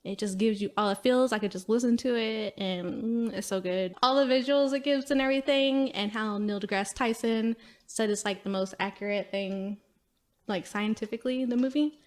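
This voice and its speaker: A soft-spoken woman with a Texan accent and a slight lisp from braces, co-hosting a podcast in casual chat. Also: mid-range voice, moderate pace. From Texas. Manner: soft-spoken, to the point, giggly. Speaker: podcast co-host.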